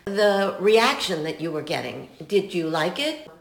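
A woman's voice: fairly low pitch, big pitch swings, a little slow, creaky. A woman hosting an interview, asking questions and encouraging her guest. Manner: encouraging, affirming, laughs along. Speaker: interviewer, host. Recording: echoey room.

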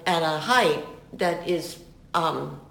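A woman's voice: deep voice, slow, gravelly, fairly bright tone. A woman hosting an interview, asking questions and encouraging her guest. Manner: encouraging, affirming, laughs along. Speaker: interviewer, host. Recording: echoey room.

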